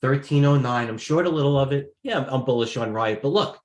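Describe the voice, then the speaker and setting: A male trader on a live show talks through his stock positions and keeps restarting his sentences as he thinks aloud. His mid-pitched voice carries a roomy echo. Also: fairly quick. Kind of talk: live trading chat.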